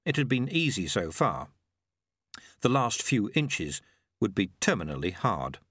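A man narrating a novel aloud in an expressive storytelling manner. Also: fairly low pitch, unhurried, breathy edge, no room sound, studio quality. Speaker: audiobook narrator. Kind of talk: scripted narration.

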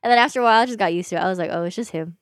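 Young woman, podcast co-host, casual chat, animated storytelling, dry close mic. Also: medium pitch, very fast, no echo. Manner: animated storytelling, laughs often, quotes herself.

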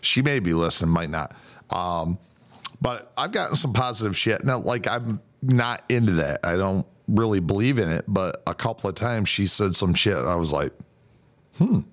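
Low-voiced man, hesitant and casual. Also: lively intonation, normal speed, a bit bright. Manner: hesitant and loose, with casual swearing. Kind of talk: casual chat.

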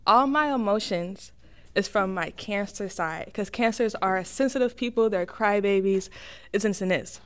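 Casting note: young woman guest, slow unsure delivery, smooth clear voice, trails off. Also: mid-range voice, fairly bright tone. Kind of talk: casual chat.

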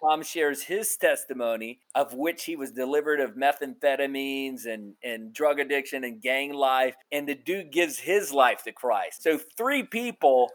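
A man on a podcast as a guest, telling a testimony in a lively, colloquial way. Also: mid-range voice, unhurried, few pauses. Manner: animated, colloquial, addresses listener as bro. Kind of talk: storytelling testimony.

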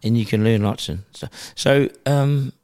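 A middle-aged man with a New Zealand accent, a podcast guest telling stories in casual chat, animated and dotted with "you know" and "bro". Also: mid-range voice, unhurried, no room sound, studio quality.

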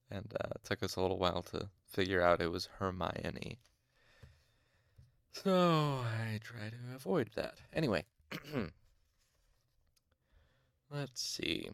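A man reads a fantasy novel aloud in a relaxed fan reading, breaking off now and then for chatty asides. His voice is low and gravelly, and the recording is close and dry. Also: slow pace, long pauses, no echo. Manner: chatty asides, fixing pronunciations. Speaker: audiobook reader. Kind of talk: casual fan audiobook reading.

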